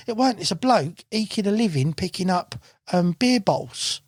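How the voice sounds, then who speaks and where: Animated bloke telling fishing stories. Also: male voice, high voice, normal speed, no echo, clean studio sound. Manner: animated, swears freely, acts out quotes. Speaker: guest angler. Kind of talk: casual storytelling chat. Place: podcast studio. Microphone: studio mic.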